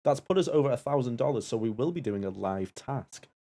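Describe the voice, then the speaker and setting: A man co-hosting a live stream, reading out donations in a brisk way. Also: mid-range voice, expressive, dark tone. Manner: brisk, reads donation lists. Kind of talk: casual live-stream chat.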